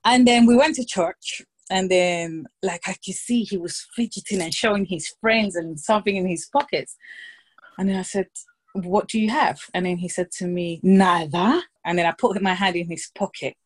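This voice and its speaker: Lively storytelling woman in her thirties. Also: medium pitch, normal speed, breathy edge. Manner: lively anecdotal storytelling, quoting others in brief put-on voices. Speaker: mother telling a story on a chat show. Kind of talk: casual chat.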